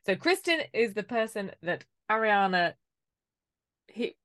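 A woman's voice: medium pitch, big pitch swings, a little slow, a bit bright, dry recording, clean studio sound. A woman co-hosting a casual podcast chat, swearing freely and acting out the people she talks about. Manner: swearing, mimics people in quotes, laughs often. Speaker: podcast co-host.

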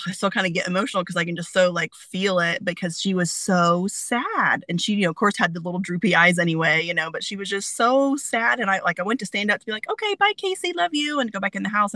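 A woman's voice: fairly low pitch, bright, forceful tone, no room sound. A woman in her forties, a guest telling stories in a casual interview, chatty with many fillers.

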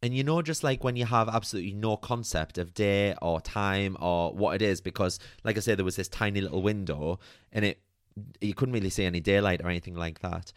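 Guy telling a story on his podcast, lowish smooth voice, dry close sound, lots of "like". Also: no room sound. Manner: chatty and candid, peppered with "like" and mild swearing. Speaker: podcast host. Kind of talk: personal storytelling monologue.

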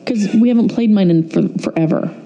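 A woman's voice: medium pitch, brisk, creaky, warm tone, lo-fi sound. A woman co-hosting a podcast in casual chat, playful and teasing. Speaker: podcast co-host.

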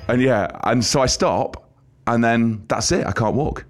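A man co-hosting a casual podcast, telling a story with animated delivery and frequent laughter. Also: mid-range voice, measured pace. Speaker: podcast co-host.

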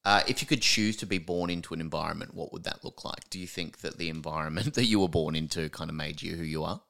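A man's voice: low voice, fast, creaky, bright, forceful tone. A man hosting a podcast, asking questions and giving short encouraging replies. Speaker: podcast host. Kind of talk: interviewing.

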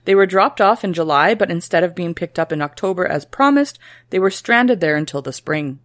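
Podcast co-host, woman, lower voice that swings a lot, dry close sound, tells history casually. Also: fairly quick, no room sound. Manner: reads old quotes aloud in a lively, joking way.

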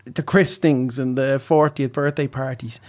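A man's voice: mid-range voice, fairly even intonation, normal speed, darkish tone. A man, a guest impressionist telling stories in casual podcast chat. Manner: chatty storyteller who slips into voices.

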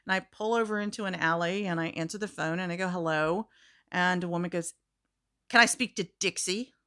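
A woman with a bright, forceful voice tells a story in relaxed conversation. She is animated and slips into the voices of the people she quotes, with frequent laughter. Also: lowish voice, a little fast. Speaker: storyteller guest. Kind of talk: casual storytelling chat.

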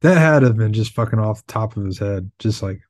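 A man's voice: on the low side, animated, quick pace, a little mellow, no echo. A young man co-hosting a podcast, teasing and laughing often. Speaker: podcast co-host. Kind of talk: casual chat.

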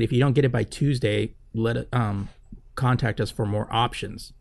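A man with a gravelly, creaky voice tells a meandering story on a podcast. He swears freely and fills his talk with ums and you-knows. The sound is dry and close, with no room around it. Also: medium pitch, steady tone, normal speed, a little mellow, no room sound. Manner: rambling, profane storytelling with many fillers. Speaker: podcast co-host. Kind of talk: casual chat.

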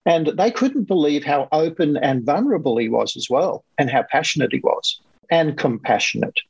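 A man tells a story in an animated, conversational way, slipping into livelier voices when he quotes other people. His voice is gravelly and a bit husky, sits a touch higher than most men's, and sounds dull and lo-fi. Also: normal speed, no room sound. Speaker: guest coach.

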